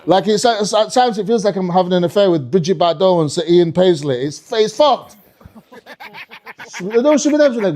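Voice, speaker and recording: A man from the UK performing a live stand-up comedy set, animated and swearing, with a stage mic in a comedy club. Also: sits high, a little fast. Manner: animated, swearing, slips into mock French voices.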